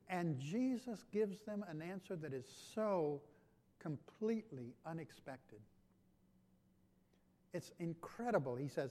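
A man's voice: a little high, expressive, unhurried. A pastor giving a conversational sermon, asking his congregation questions. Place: church sanctuary. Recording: long hall reverb.

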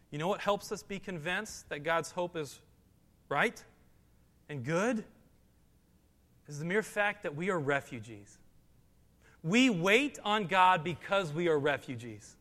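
High-voiced preacher in an echoing hall. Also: male voice, animated, measured pace, fairly bright tone. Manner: preaching with rising emphasis, reads scripture aloud. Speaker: pastor. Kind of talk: sermon. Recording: long hall reverb.

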